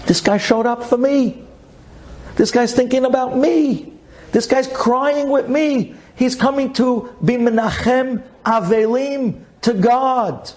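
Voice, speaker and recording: A man voicing God as a grieving, lonely father who pleads slowly to be remembered. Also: very high voice, animated, pitched above the performer's own voice, full character voice. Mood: amazed. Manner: pleading, drawn-out, slow.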